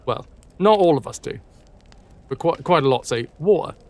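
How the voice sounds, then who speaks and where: British man reading aloud, fairly high voice. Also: lively intonation, normal speed, a little mellow. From Britain. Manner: self-correcting, swears, repeats words to practise them. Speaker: live streamer. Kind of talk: reading a story aloud on a live stream.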